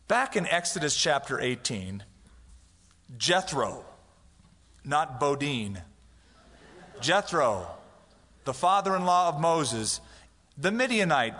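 A man's voice: on the high side, sharp tone. A male pastor giving a conversational sermon with humorous asides, acting out the people in his stories. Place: church sanctuary. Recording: church hall reverb.

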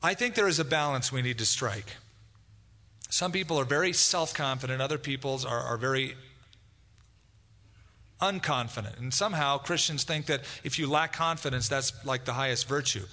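A man's voice: mid-range voice, normal speed, sharp tone. A man preaching a conversational sermon as pastor, acting out quoted dialogue. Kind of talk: expository sermon. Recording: long hall reverb.

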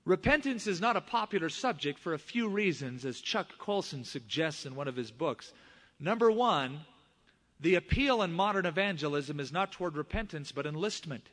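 A middle-aged male pastor preaching a sermon, with animated rises in voice and sudden hushed drops. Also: a little high, moderate pace. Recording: long reverb of a large hall.

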